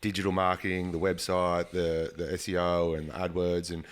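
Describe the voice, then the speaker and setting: A man's voice: low-pitched, monotone, moderate pace. A man hosting a podcast who asks rambling questions and keeps restarting them. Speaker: podcast host. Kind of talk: interview questions.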